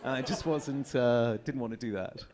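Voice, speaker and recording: A man's voice: medium pitch, moderate pace, a little mellow. An English man talking as a guest on a convention panel, telling casual anecdotes, chatty, laughing often and trailing into fillers. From England.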